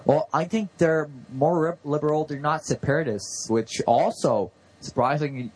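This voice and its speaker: A man's voice: fairly high pitch, normal speed, a little mellow, breathy edge, poor audio. A man co-hosting a casual chat, rambling and often stumbling over his words. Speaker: podcast co-host. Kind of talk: casual chat about role-play politics.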